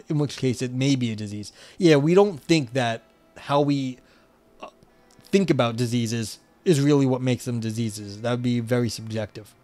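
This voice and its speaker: A man with a New York accent hosts a livestream. He moves between reading dense academic text aloud and loose, filler-heavy chat with his viewers. His voice sits at an ordinary middle pitch, recorded dry and close. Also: a little mellow, no room sound. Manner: reads academic text then chats loosely with many fillers. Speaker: livestream host reading a paper.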